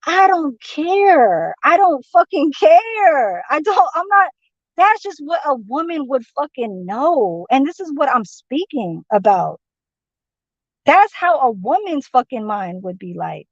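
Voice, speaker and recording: A woman's voice: high-pitched, very animated, a little slow, no echo, lo-fi sound. A woman venting in a rambling, profane monologue, heated and repetitive.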